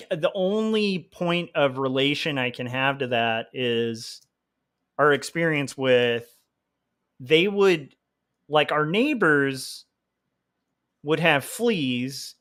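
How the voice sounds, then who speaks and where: A man's voice: fairly high pitch, lively intonation, slow, fairly bright tone. A man hosting a livestream, chatting casually in a rambling, self-deprecating way with lots of fillers and laughter. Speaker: livestream host and comic artist. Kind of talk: casual chat while drawing.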